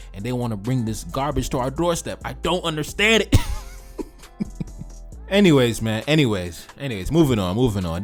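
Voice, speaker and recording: A man hosting a reaction video, giving emphatic, repetitive commentary with slangy asides. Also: fairly low pitch. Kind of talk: commentary reacting to social media posts.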